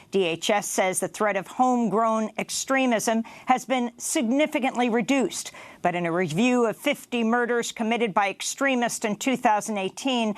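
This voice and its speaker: Female news anchor, measured scripted read, dry close-mic studio sound. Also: medium pitch, no room sound. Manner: measured, even, formal delivery.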